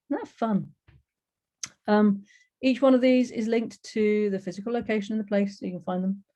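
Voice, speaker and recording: A woman's voice: mid-range voice, mellow. A woman giving a chatty, enthusiastic webinar presentation over a video call, with many fillers.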